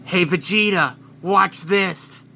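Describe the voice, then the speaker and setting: A cold, taunting alien warrior who has turned evil and sneers at everyone. The voice sits a little high and rings bright and sharp, as a male narrator puts it on. He speaks with boastful menace. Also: slow pace, vocal fry, a little hiss or hum, exaggerated voice. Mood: menacing.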